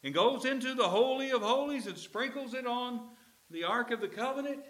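A man's voice: very high voice, lively intonation, fairly quick, fairly bright tone, pitched above the performer's own voice. A man voicing Jesus as an earnest, emphatic teacher who coaxes and urges his followers. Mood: urging. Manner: urgent, emphatic, coaxing.

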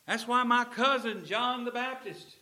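A man's voice: very high voice, a little slow, bright, forceful tone, voice pushed up, full character voice. A man voicing Jesus as an earnest, emphatic teacher who coaxes and urges his followers. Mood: insistent. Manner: urgent, emphatic, coaxing.

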